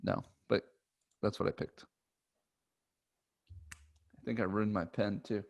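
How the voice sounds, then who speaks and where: A man co-hosting a golf podcast, talking in a relaxed, chatty way with frequent ums. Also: on the low side, slow pace, vocal fry. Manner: relaxed, chatty, says um often. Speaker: podcast co-host. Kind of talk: casual chat.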